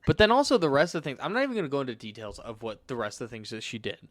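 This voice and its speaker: A man's voice: medium pitch, wildly swooping pitch, very fast, no echo. A man co-hosting a podcast in casual chat, blunt and swearing as he tells stories with quoted reactions into a studio microphone. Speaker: podcast co-host.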